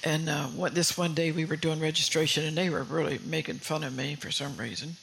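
A woman preaching a sermon with a gravelly, tense voice. She speaks earnestly, circles back over her phrases and keeps questioning her listeners. Faint room ambience hums behind her. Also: deep voice, steady tone, fairly quick, fairly bright tone, a little hiss or hum, poor audio.

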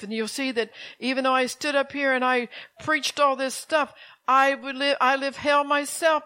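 Woman pastor preaching hard in church, high voice, calls out commands over and over. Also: bright, forceful tone, low-quality recording. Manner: emphatic, exhorting, repeats commands. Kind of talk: sermon.

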